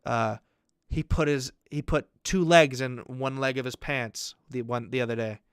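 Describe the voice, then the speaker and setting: A young man chatting on a podcast with friends, spinning a long family story. He rambles with fillers and casual swearing. His voice sits at a mid pitch, recorded close and dry. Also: fairly even intonation, normal speed, clear, resonant tone, no echo. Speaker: podcast co-host. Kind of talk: casual chat.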